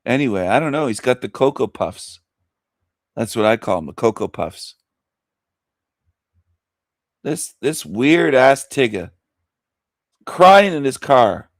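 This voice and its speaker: A man's voice: medium pitch, animated, unhurried, long pauses, no room sound. Sneering man ranting, dry sound. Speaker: host. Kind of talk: mocking livestream commentary.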